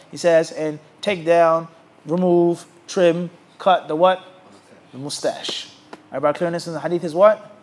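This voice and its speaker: High-voiced man teaching a religious class. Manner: asks the class to finish his sentences; animated, mocks opposing views in put-on voices. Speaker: Islamic teacher. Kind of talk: lecture to a class.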